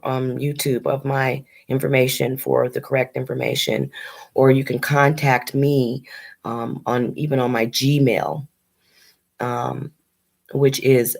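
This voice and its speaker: A woman speaking as a spiritual medium in a heartfelt video message, earnest and halting, holding back tears. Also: extremely low pitch, little pitch movement, creaky, a little mellow. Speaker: spiritual medium addressing viewers.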